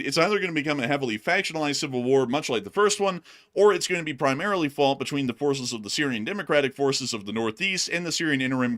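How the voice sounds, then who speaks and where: A breathless man with a mid-range, slightly bright voice hosts a live news stream from his home studio. His casual commentary is chatty and rambling, and he calls his viewers "folks."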